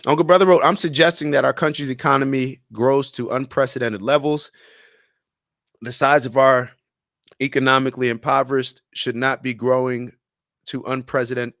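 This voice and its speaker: A man's voice: mid-range voice, moderate pace, a bit bright, dry recording. Casual man livestreaming, dry close sound. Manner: conversational, reads viewer comments aloud; argumentative, uses sports comparisons. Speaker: livestream host.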